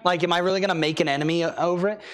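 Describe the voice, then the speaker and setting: A man's voice: high-pitched, steady tone, racing. A young man preaching a sermon in a church, telling a story with acted-out quotes.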